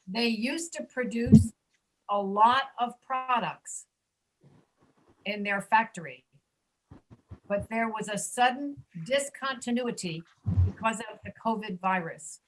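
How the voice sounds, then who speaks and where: A woman teaching a pronunciation class over a video call, patiently repeating words slowly for students. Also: mid-range voice, low-quality recording. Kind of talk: online class instruction.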